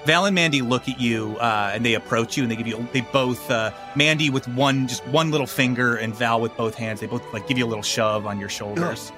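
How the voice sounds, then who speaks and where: A man's voice: mid-range voice, brisk, few pauses, over music. A man narrating as game master of a tabletop game in a playful, laughing manner.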